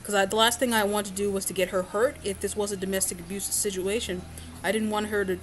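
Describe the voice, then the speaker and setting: A woman's voice: mid-range voice, slight background noise. Woman rambling through a story, faint ambience. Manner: rambling, full of fillers and restarts. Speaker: vlogger. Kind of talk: casual storytelling monologue.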